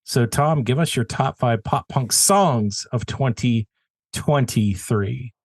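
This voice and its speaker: A man hosting a relaxed podcast, with a typical pitch for a man. He jokes with his co-hosts and reads out categories in a playful, mock-formal manner. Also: slow pace. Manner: jokey, mock-formal announcing. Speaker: podcast host. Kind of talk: casual podcast chat.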